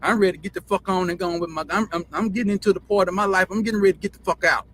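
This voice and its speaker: A man with a country drawl talks in a bright, forceful voice, a little higher than most men. He rambles, swears freely and circles back over the same phrases. A faint hiss of noise sits under his voice. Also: fairly even intonation, very fast. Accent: Southern US country drawl. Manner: profane, rambling, repeats himself. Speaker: show host. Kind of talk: casual storytelling monologue.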